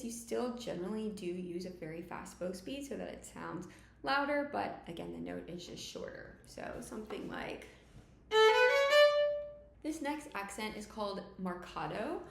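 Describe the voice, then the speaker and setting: A woman teaching violin, explaining each technique clearly and step by step. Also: mid-range voice, reverberant, a little hiss or hum. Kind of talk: instructional tutorial.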